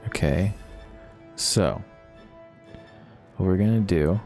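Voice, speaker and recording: Give me a low-voiced man rambling through a story while he streams a game, with a little music behind. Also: slow, darkish tone. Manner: rambling, swears, laughs at himself. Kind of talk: casual storytelling while gaming.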